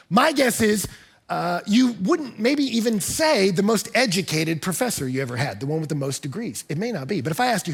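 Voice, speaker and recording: Gravelly high-voiced preaching man. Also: sing-song, moderate pace. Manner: impassioned, swings between hushed and loud emphasis. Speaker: pastor. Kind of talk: sermon. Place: church.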